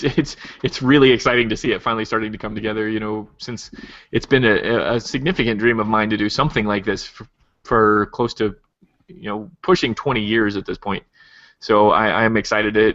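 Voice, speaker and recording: A man with a fairly low voice co-hosting a live online talk show, explaining things in a steady way. The recording is dry and close, with a dull lo-fi tone. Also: fairly quick, no room sound. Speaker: co-host, family doctor. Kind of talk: casual chat.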